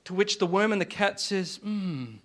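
A man with an Australian accent, preaching a sermon as pastor, with humor and dramatic pauses. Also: sits high, level tone, fairly bright tone.

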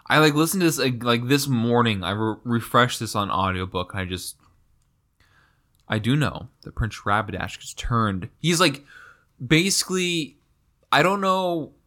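Animated man in casual book chat. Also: medium pitch, normal speed. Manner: animated, slips into mock voices and dramatic readings.

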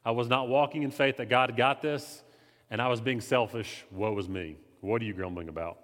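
A man, not the pastor, teaching his church in a conversational, animated way, swinging between loud emphasis and quiet confession. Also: mid-range voice, brisk. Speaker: lay preacher. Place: church sanctuary. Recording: reverberant hall.

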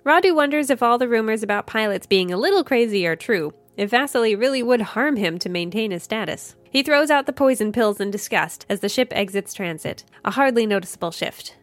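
A woman narrating a science fiction story in a steady, measured reading. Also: a little high, no room sound. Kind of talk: audiobook narration. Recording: faint music behind. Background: faint music.

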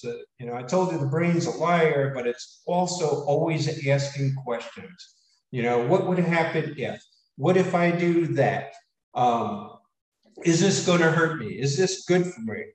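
A man giving an animated motivational talk to an audience, with frequent fillers. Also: on the high side, unhurried, echoey room, recorded from a distance, rough recording. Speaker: speaker.

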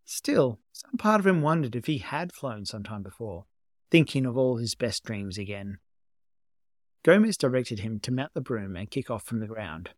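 A man reading a story aloud as an amateur narrator, calm and even. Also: medium pitch, normal speed, no echo, studio quality. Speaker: amateur reader. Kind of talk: audiobook narration of fan fiction.

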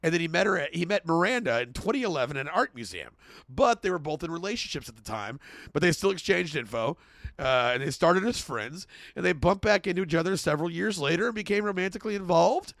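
A man with a high, gravelly voice tells a story in a casual chat, laughing and swearing as he slips into voices for the people in it. The sound is dry and close. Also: fast, no echo. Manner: animated, laughing, swears, acts out quotes in voices. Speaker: podcast co-host.

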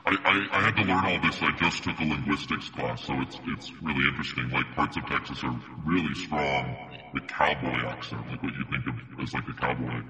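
Very deep, bright-voiced young man host. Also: steady tone, brisk, long reverb tail. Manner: curious, asks questions. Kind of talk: casual conversation.

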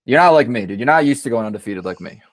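A man's voice: mid-range voice, expressive, rapid-fire, no room sound. A man co-hosting a casual podcast, teasing his friends and talking with plenty of fillers. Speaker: podcast co-host. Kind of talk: casual sports-betting chat.

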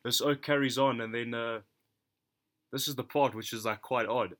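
A young man from South Africa, co-hosting a podcast and telling a story in a relaxed, slangy way, laughing between lines. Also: medium pitch, normal speed. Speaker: podcast co-host. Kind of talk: casual storytelling chat.

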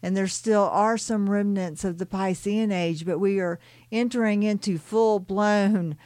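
A woman reading a channeled spiritual story aloud and adding her own reflective, soft-spoken commentary with light laughs. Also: mid-range voice, steady tone, a little slow, no echo, clean studio sound.

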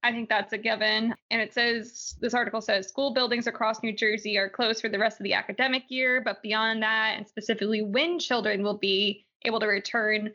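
A woman's voice: fairly high pitch, fairly even intonation, brisk, few pauses, bright, forceful tone. A young woman with a slight Southern accent, co-hosting a podcast in casual, opinionated news chat and laughing often. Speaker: podcast co-host. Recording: dull lo-fi podcast audio.

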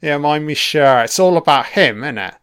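A man's voice: fairly high pitch, expressive, normal speed, a bit bright, clean tone. A young man giving casual, wry film commentary, swearing freely as he reacts to the scenes. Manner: profane, wry running remarks.

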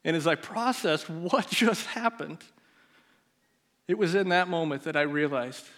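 A pastor telling a personal story in a sermon, his voice dropping to a near hush at the emotional moments. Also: on the high side, a little slow. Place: church sanctuary.

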